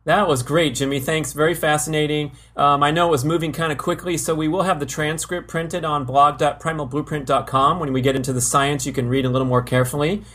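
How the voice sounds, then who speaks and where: A man's voice: fairly high pitch, fairly even intonation, brisk, hardly any pauses, a bit bright. A man hosting a podcast, reading an upbeat outro and promotion. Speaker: podcast host. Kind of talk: scripted outro and promo read.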